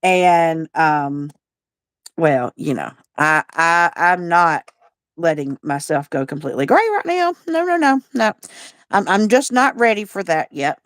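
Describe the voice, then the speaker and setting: A woman hosting a livestream answers viewer comments, chatting casually and rambling with a drawl and frequent restarts. Her voice is fairly low with big pitch swings, her pace unhurried, and there is no room sound.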